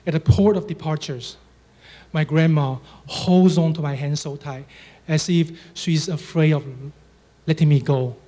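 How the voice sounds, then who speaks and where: Man w a chinese accent telling a story onstage, slow n dry, kinda mellow low-key tone. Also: fairly even intonation. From China. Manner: dry, understated humor with measured pauses. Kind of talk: live stage storytelling.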